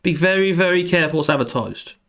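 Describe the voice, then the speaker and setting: A hoarse man rambling and joking through a casual livestream chat, reading out comments. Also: on the high side, lively intonation, quick pace, a bit bright. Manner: rambling, self-deprecating, laughs often. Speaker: livestream host.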